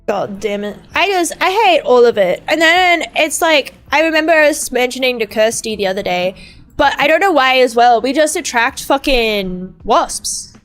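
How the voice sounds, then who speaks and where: A woman's voice: sits high, lively intonation, normal speed, fairly bright tone. A young woman chatting casually on a gaming stream, rambling and ranting with lots of swearing and fillers. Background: faint game music.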